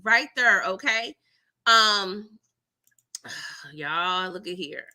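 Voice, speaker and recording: Bright, chatty woman hosting a recap. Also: medium pitch, extremely slow. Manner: animated, chatty, laughs often, tags lines with "okay?" and "girl". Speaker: TV episode recap host. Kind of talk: casual live-stream recap chat.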